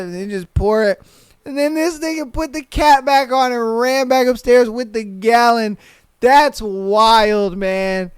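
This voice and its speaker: Slow-talking, profane solo podcast host. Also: medium pitch, clear, resonant tone, no echo. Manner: casual, profane, laughs often. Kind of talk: solo podcast, reading and reacting to posts.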